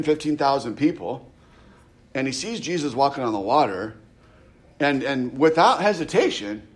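A man preaching a casual, conversational sermon, often checking in with his listeners and restarting phrases. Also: mid-range voice. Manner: conversational, frequent "right?" asides and restarts. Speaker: pastor.

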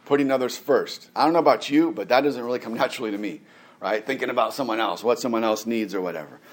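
A man preaching a Sunday sermon in a relaxed, conversational way. He drops in chatty asides and light laughs, and asks his listeners rhetorical questions. His voice sits at an everyday middle pitch. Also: fast talker. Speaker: pastor.

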